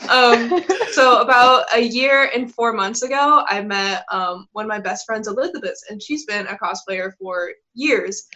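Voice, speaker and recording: A woman's voice: on the high side, measured pace, sharp tone. A woman in her twenties, a podcast guest talking in an easygoing, laid-back way. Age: 20s. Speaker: guest cosplayer. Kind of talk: casual chat.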